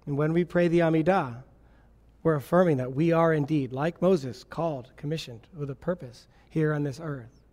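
A man's voice: on the high side, normal speed, darkish tone. A man preaching a sermon to a congregation, earnest and teaching, lifting his voice when he quotes scripture. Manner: earnest teaching, quotes Moses and God in a lifted voice. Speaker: messianic Jewish congregational leader. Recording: long hall reverb.

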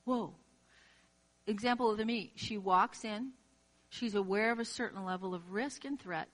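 A woman's voice: mid-range voice, moderate pace, fairly bright tone. Woman preacher with a mid-range voice, giving an emphatic, direct-address sermon. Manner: acts out quoted inner voices.

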